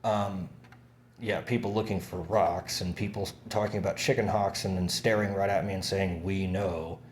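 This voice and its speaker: A man's voice: low voice, fairly even intonation, normal speed, slight background noise. A young man telling a long personal story in a rambling, profane way, full of fillers and restarts. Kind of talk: casual monologue recounting events.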